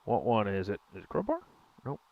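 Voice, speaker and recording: A man's voice: lowish voice, lively intonation, unhurried, phone-quality sound, background noise. A young man giving casual gameplay commentary, chatting with viewers in a rambling, self-correcting way with mild exclamations. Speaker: gaming streamer.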